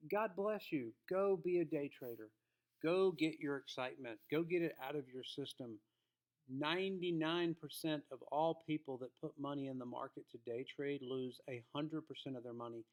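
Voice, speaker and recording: A man giving a casual trading lesson to his viewers. His voice sits a bit high. He talks in an emphatic, folksy way. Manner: emphatic, folksy, acts out quotes. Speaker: trading educator.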